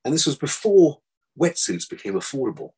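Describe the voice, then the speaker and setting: An older man, a vet, telling stories from his past in a relaxed interview, with dry self-deprecating humour. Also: mid-range voice, a little fast, husky. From England. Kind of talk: casual interview chat.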